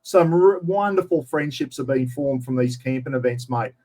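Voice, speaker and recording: Speaking at a normal pace with a medium-pitched, slightly dark voice, an Australian man chats casually as an interview guest. He tells long, wandering stories and uses "mate" all the time.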